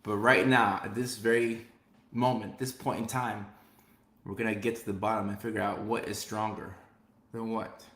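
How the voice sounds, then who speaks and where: A man's voice: lowish voice, level tone, moderate pace, fairly bright tone, echoey room. A man hosting a live stream, chatting casually and reading viewer comments, upbeat and prone to repeating himself. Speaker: host.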